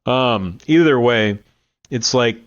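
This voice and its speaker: Halting young man, muffled lo-fi sound. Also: medium pitch, clean tone, no echo. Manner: halting, searching for words. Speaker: podcast guest. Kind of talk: casual chat. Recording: dull lo-fi sound.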